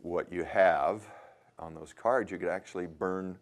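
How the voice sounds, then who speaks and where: A man's voice: low voice, steady tone, measured pace. A man speaking to a workshop audience, asking them direct questions and coaching them in a plain, conversational way with some hesitations. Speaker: workshop leader. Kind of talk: motivational workshop talk.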